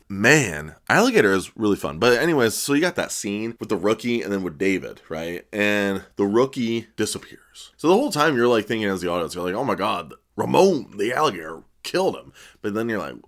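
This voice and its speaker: A young man reviewing a movie in a casual, rambling way, laughing as he talks. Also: fairly low pitch.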